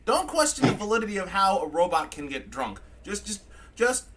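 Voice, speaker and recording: A man's voice: sits high, sing-song, moderate pace, very noisy. A man hosting a casual comedy podcast, rambling with stumbling restarts. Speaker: podcast host.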